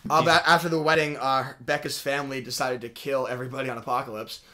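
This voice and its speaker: A man's voice: medium pitch, level tone, fast, sharp tone. A man co-hosting a laid-back pop culture podcast, rambling through plot recaps with frequent restarts. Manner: rambling, restarts and laughs often. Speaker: podcast co-host. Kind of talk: casual chat.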